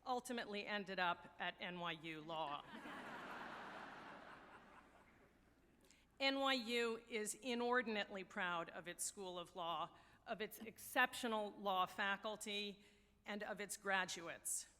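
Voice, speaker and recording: American woman, university official, podium speech, bright voice, long hall reverb. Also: mid-range voice, a little hiss or hum. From United States. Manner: wry, anecdotal, measured. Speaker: university deputy provost. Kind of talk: ceremonial address. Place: large ceremony hall.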